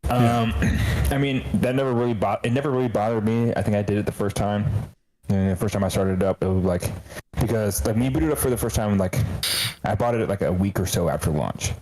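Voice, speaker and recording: Low-voiced man in casual podcast chat. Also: fairly quick, poor audio. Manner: animated storyteller, acts out voices in quotes. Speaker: podcast co-host.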